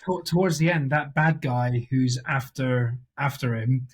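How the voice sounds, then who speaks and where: Man, Scottish accent, husky voice, casual podcast chat, jokey, swears. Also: mid-range voice, normal speed. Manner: joking, swears freely. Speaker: podcast co-host.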